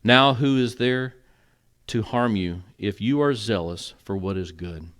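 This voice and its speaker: A man's voice: fairly low pitch, lively intonation, a little slow, a bit bright. A male pastor preaching an earnest, conversational sermon in a church, with moments of emotion. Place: church sanctuary.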